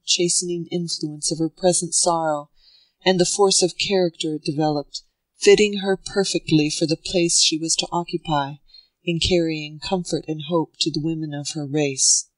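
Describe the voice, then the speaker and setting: A woman narrating an audiobook of a classic novel in a steady, measured way. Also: lowish voice, no echo, rough recording.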